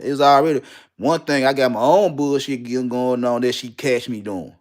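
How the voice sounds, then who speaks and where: A young man tells his own story in plain, unpolished talk. He is blunt and profane and hammers points home by repeating himself. His voice sits at an ordinary middle pitch. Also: steady tone, normal speed, darkish tone. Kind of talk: candid personal storytelling.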